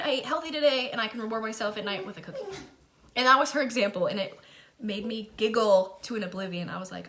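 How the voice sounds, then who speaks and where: A young woman talks straight to her viewers, sharing a personal faith testimony in a chatty, emotional way. Her voice is bright and clear, and laughter keeps slipping into her story. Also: on the high side, brisk. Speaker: faith vlogger.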